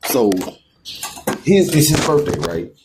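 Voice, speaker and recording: A man telling a story in a casual, slangy, animated way, out in a garden. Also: a little high, slow, background noise. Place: outdoors in a garden.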